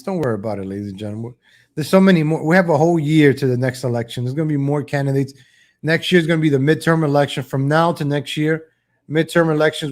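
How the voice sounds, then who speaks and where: This man runs a political commentary show as a livestream, and his talk is rambling and sarcastic, full of restarts. He repeatedly calls out "ladies and gentlemen" and imitates politicians mockingly in a raised voice.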